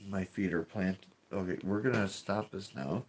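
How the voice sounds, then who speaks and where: A man with a fairly low voice hosts a casual live stream from his home. He rambles loosely, swears freely and trips over his sentences as he chats to viewers. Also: normal speed, husky. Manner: rambling, profane, restarts often.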